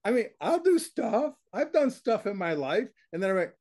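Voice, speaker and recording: A man's voice: high voice, big pitch swings, normal speed, darkish tone. An older man, a teacher, talks bluntly and emphatically in an interview and keeps checking in with his listener. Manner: emphatic, blunt, with frequent laughs and rhetorical check-ins. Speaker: consciousness teacher, guest.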